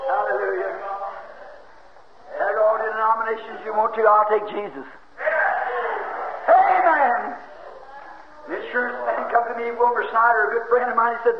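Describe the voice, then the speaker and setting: A fervent male preacher with a notably high voice, swinging from hushed asides to ringing shouts. His folksy phrasing carries through an echoey church. The old tape is dull and lo-fi, with a faint hiss underneath. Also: moderate pace, pauses often, a crowd in the background. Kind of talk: fiery sermon.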